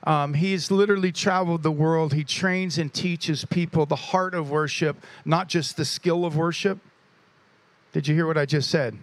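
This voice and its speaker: Animated high-voiced pastor. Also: male voice, normal speed, no room sound. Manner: animated storytelling with laughs. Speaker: pastor introducing a guest speaker. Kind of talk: church introduction and prayer.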